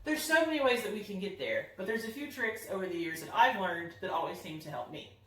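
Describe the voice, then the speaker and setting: Animated and brisk, a young female voice teacher with a mid-range, fairly bright voice walks through singing technique in a friendly, upbeat lesson demonstration. The recording has a roomy echo, with her somewhat distant from the mic.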